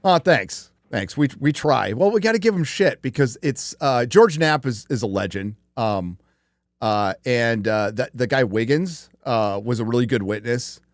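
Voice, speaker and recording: A man's voice: mid-range voice, lively intonation, unhurried, no echo, studio quality. Rambling, profane male streamer host. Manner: rambling, profane, many fillers. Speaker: livestream show host. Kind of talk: casual chat.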